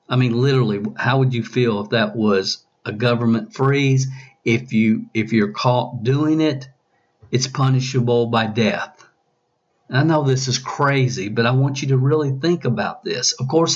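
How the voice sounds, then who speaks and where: A man's voice: medium pitch, dull audio. A male coach hosting a podcast, asking his listeners question after question and often restarting his sentences. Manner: probing, repeats questions, many restarts. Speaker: business coach.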